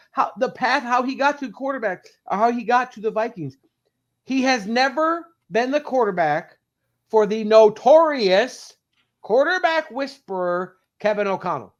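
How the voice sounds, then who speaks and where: A man co-hosting a sports podcast, talking fast and heatedly as a fan in casual chat. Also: very high voice, muffled recording. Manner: animated, ranting fan, quick bursts. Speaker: podcast co-host.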